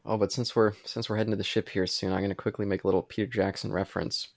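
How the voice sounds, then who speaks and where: Man, lowish voice, dry close sound, enthusiastic trivia explainer, casual commentary. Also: level tone, racing, creaky, dry recording. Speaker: podcast co-host.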